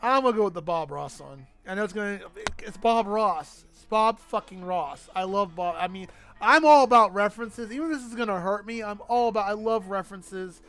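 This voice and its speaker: A man's voice: sits high, fast talker, a bit bright, clean tone, faint music behind. A man streaming a game, talking casually and playfully, swearing freely and laughing at the jokes. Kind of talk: casual gameplay commentary.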